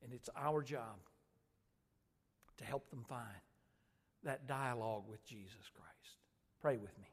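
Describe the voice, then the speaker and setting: A male preacher telling a story and praying in a sermon, a lively storyteller who swings from loud to soft. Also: mid-range voice, takes it slowly, pauses often, slightly rough. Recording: long church-hall reverb.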